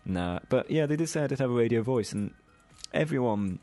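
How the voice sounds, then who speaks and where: A man's voice: mid-range voice, lively intonation, fairly quick, warm tone, soft background music. A man co-hosting a casual podcast, rambling, self-mocking and full of ums and little laughs. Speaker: podcast co-host. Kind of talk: casual chat.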